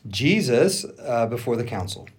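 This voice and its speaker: A man co-hosting a podcast, reading scripture aloud in a steady way that sinks lower and slower at solemn moments. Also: husky. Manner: steady, even reading that drops low and slow at solemn moments. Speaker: podcast co-host.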